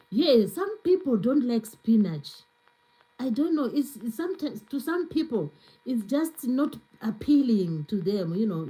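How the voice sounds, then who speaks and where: A woman with a slightly high, mellow voice hosts a cooking livestream, greeting viewers, reading their comments, repeating herself and laughing often. The recording is rough.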